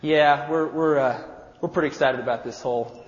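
A preacher putting on cocky bragging disciples. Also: male voice, on the high side, normal speed, natural voice. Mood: boastful. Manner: offhand, bragging, stammering fillers. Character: boastful male disciples, cocky young men. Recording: echoey hall, dull sound.

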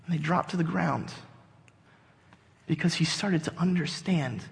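A male pastor preaches with a fairly high voice, telling a story in an animated way and acting out its characters. His voice rings out with the long reverb of a church sanctuary. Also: unhurried, gravelly. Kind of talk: sermon.

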